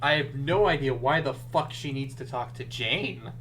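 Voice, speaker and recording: A woman chatting casually on a live stream, excitable and swearing freely. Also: rumbling low, moderate pace.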